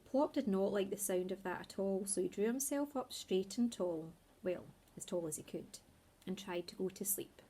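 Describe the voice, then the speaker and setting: A woman reading a children's story aloud in a slow, expressive way. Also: mid-range voice, breathy edge.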